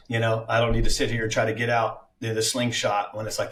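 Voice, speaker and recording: A man with a fairly low voice talks about his acting craft in a relaxed podcast chat. He is reflective and often stops to restart his thoughts. The sound carries a noticeable room echo. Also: fast, few pauses, far from the mic. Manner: reflective, with many fillers and restarts. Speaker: actor guest. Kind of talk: casual podcast interview.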